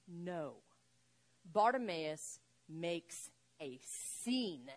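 A woman preaching a sermon, retelling a story with lively acted-out voices. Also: fairly low pitch, takes it slowly. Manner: animated, acts out voices in the story. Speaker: pastor.

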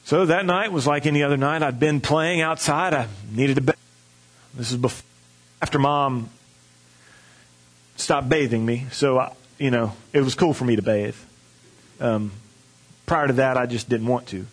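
A man's voice: medium pitch, normal speed, long pauses. A man preaching a sermon, telling a folksy personal story and acting out the voices of the people in it.

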